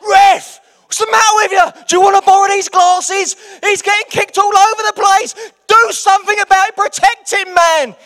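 A pastor acting out his father as a furious man yelling at a football referee, shouting high and loud. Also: steady tone, normal speed, hardly any pauses, long reverb tail.

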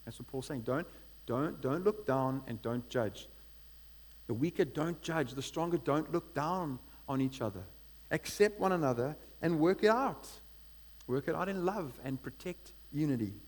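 Energetic preacher, higher voice. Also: male voice, normal speed. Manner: energetic, conversational, often asks "right?". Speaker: pastor. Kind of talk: sermon.

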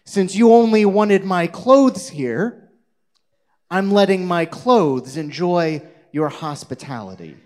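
A man voicing Herschel, a clever humble man calmly scolding a snobbish host in a children's story. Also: high voice, slow pace. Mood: pointed.

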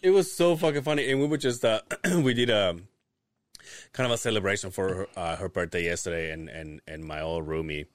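A man's voice: sits low, fairly quick, no room sound, clean studio sound. A young man telling a funny story on a podcast, laughing often and swearing casually. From Latin America. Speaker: podcast host.

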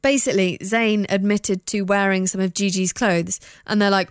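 A young woman hosting her own podcast in casual chat, blunt, sweary and quick to laugh. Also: mid-range voice, steady tone, no echo, studio quality. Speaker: podcast and radio host. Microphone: studio microphone.

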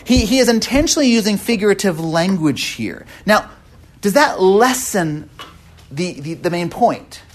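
Breathy man teaching a Bible class. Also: high-pitched, very animated, normal speed. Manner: repeats words often, asks the group questions. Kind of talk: classroom Bible study lesson.

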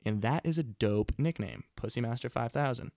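Twenties male podcaster, laid-back profane chatter, gravelly, dry close mic. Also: medium pitch, moderate pace, a little mellow, no room sound. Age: 20s. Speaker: podcast host. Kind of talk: casual rambling monologue. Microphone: close studio mic.

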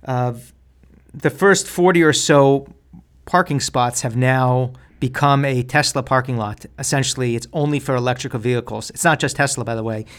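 Guy doing a dry jokey podcast monologue, middle pitch, deadpan asides. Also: moderate pace. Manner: deadpan joking, wry asides. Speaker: podcast host.

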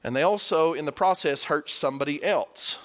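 Male preacher, high voice, bright tone, animated sermon delivery. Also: a little fast. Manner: animated preaching, rising to emphatic peaks.

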